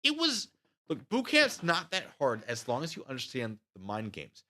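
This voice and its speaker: A man in his thirties with a mid-range voice, speaking at normal speed, hosts a channel and casually recounts army training stories to his live chat. He's animated, acting out the other people's voices with loud shouts.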